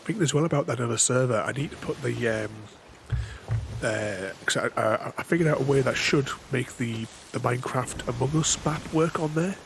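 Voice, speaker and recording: A man's voice: mid-range voice, normal speed, creaky. A man giving casual, rambling gameplay commentary as a channel host, often restarting his sentences and chuckling to himself. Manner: rambling, self-interrupting, chuckling. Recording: voice over steady game noise.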